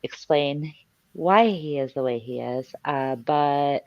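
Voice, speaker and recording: A frank woman talks slowly in a casual online chat, stopping to search for words. Her voice sits very low, and the recording is dry and slightly muffled. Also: no echo. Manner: frank, hesitant, many fillers. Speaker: YouTube channel host.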